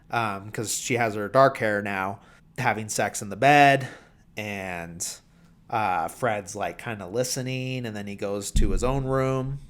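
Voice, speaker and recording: A man at a relaxed, unhurried pace, talking through a movie's plot in a loose, rambling way. He leans on fillers and drops his voice into soft mumbles when he quotes characters. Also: medium pitch. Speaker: podcast host. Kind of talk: casual film recap.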